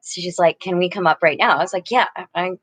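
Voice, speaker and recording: A woman's voice: on the low side, quick pace, no room sound. Middle-aged woman rambling to her viewers live, earnest, gushy, dry close sound. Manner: earnest, gushing, rambling with restarts. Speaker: livestream host. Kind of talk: casual live chat with viewers.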